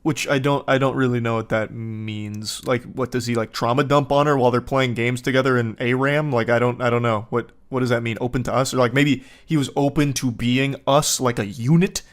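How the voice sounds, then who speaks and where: A man giving casual reaction commentary in a sarcastic, deadpan and profane way. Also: medium pitch, fairly quick, few pauses. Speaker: online commentator reacting to texts.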